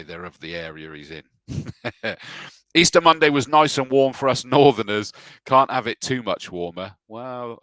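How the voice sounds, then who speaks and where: A man's voice: on the low side, sharp tone, no echo. A man hosting a casual live stream, reading out viewer messages and greeting each one as mate in a chatty, jokey way. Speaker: host.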